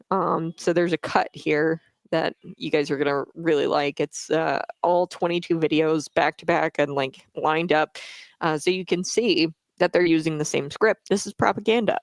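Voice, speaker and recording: A woman's voice: low voice, no echo. A woman hosting a talk radio show, giving blunt, opinionated commentary with frequent fillers and restarts, on a studio microphone.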